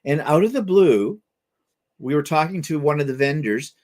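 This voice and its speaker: A middle-aged Canadian man with a voice on the high side, speaking at normal speed, hosts a livestream and tells stories in casual chat. He's an animated storyteller who acts out the voices of the people he quotes.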